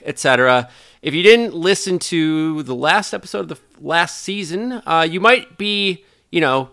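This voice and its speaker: A man's voice: on the high side, fairly bright tone, no room sound, clean studio sound. A man hosting a podcast and chatting casually, articulate and playful as he introduces the show. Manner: articulate, playful, self-aware. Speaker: podcast host.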